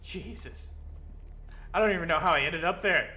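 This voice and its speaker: Young male gamer, high bright voice, excitable and profane play-by-play. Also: moderate pace, a little hiss or hum. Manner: excitable, swears a lot, yelps when scared. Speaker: gaming video host. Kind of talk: casual gameplay commentary.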